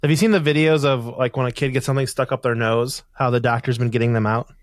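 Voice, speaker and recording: A man's voice: medium pitch, level tone, fast, dry recording. A man co-hosting a podcast, chatting casually, joking and asking teasing questions. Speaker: podcast co-host. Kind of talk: casual chat.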